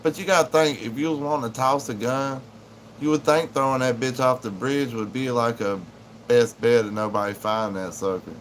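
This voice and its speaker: A laid-back man with a drawl, rambling through a casual livestream chat from home. His voice sits at an ordinary middle pitch and wanders easily between talking to viewers and fussing over his dog. A faint air-conditioner hum runs underneath. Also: normal speed. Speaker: livestream host.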